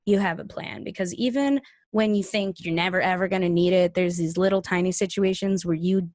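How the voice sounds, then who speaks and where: A woman's voice: fairly low pitch, brisk, a little mellow, dry recording, studio quality. A young woman co-hosting a podcast in casual chat, rambling and tripping over her words. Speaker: podcast co-host.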